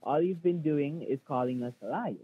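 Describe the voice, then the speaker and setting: A man's voice: on the high side, normal speed, a little hiss or hum, natural voice. A man playing a defensive male call-center manager, lecturing with many fillers over the phone. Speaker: phone scammer. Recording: tinny phone line.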